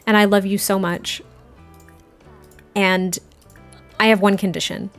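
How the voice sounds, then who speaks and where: A woman's voice: medium pitch, flat delivery, a little slow, fairly bright tone, soft background music. A woman voicing Jane, a young mother who speaks heartfelt and sometimes teases dryly. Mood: tender. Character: young mother, warm and wry.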